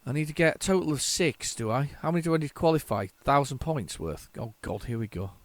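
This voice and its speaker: A man hosting a retro gaming channel, giving chatty, excitable gameplay commentary with jokey, self-mocking asides to his viewers. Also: medium pitch, fast, no room sound. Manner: excitable, chatty, talks to viewers while playing.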